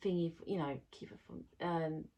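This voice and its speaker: A woman's voice: low-pitched, fairly even intonation, moderate pace, mellow. A woman talking casually to camera about a crafting project, rambling with lots of fillers and restarts. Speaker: crafting vlogger.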